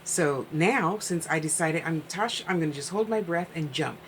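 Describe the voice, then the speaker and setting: A woman's voice: low voice, normal speed, slight background noise, rough recording. A woman hosting a live-streamed psychic reading, chatting casually and rambling with frequent asides.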